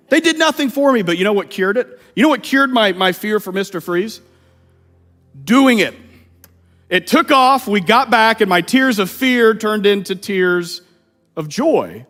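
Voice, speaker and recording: Man in his thirties, high voice, pastor's sermon, playful storytelling, long church reverb. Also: fairly quick, soft background music. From Missouri, USA. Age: 30s. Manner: lively, humorous storytelling with playful asides. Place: church sanctuary.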